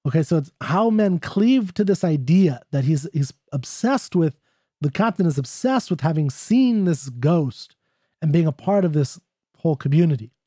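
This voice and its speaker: A man giving an off-the-cuff lecture on a poem, talkative and excited, reading quoted passages aloud between his own comments. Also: fairly high pitch, normal speed, husky, no room sound, clean studio sound. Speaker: poetry lecturer.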